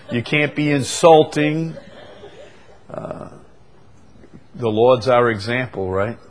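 A man leading a conversational Bible study, reading verses slowly and with weight, then explaining them with easy laughs. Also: medium pitch. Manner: animated, stresses quoted verses slowly, laughs often. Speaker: Bible teacher.

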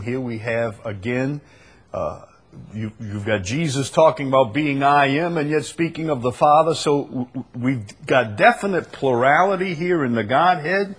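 A man's voice: medium pitch, moderate pace, husky. A man preaching a sermon and reading scripture aloud, earnest and rising to emphasis on the verses.

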